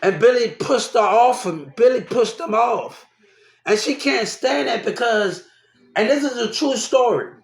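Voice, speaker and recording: A man's voice: extremely high pitch, measured pace, gravelly, soft background music. A young man rambling through a personal story, repeating himself and restarting often. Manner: repetitive, restarts often, animated. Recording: roomy echo.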